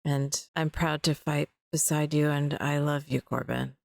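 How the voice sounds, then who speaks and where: A devoted rogue, voiced by a woman, making tender, heartfelt declarations. Her voice sits low for a woman and sounds dry and close to the mic. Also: steady tone, unhurried, vocal fry, dry recording.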